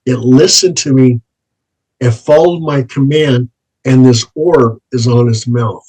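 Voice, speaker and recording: Slow, husky man telling ghost-hunt stories. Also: mid-range voice, darkish tone, poor audio. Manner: slow, plain anecdotal telling, repeats set phrases. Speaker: paranormal investigator. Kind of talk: interview storytelling.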